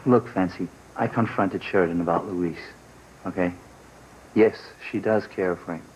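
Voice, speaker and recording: An actor playing a patient, reasonable husband who calmly explains himself in a soap opera scene. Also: male voice, low-pitched, moderate pace, slight background noise, natural voice, low-quality recording. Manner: calm, explaining. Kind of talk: daytime soap opera acting.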